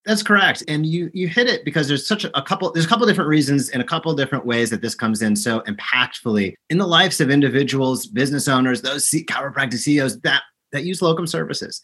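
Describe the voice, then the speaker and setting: A man speaking earnestly on a podcast as the interview guest, pressing each point with emphasis. His voice sits a little high and is bright and forceful, with a husky edge. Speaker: guest on a podcast, runs a locum service. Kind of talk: interview conversation.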